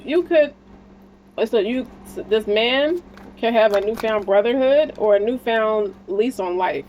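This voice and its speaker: A woman's voice: medium pitch, a little mellow, a little hiss or hum, poor audio. A woman giving a casual spiritual tarot reading, talking in a blunt, slangy and encouraging way and swearing freely. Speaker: tarot card reader.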